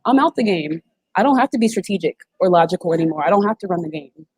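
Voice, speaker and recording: A woman in her twenties talks through a video call in an emphatic, slang-filled, casual way. Her voice is mellow and slightly husky, never sharp or bright. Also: fairly low pitch, lively intonation, fast, no room sound, rough recording. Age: 20s. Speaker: guest, former reality show contestant. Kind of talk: casual interview chat.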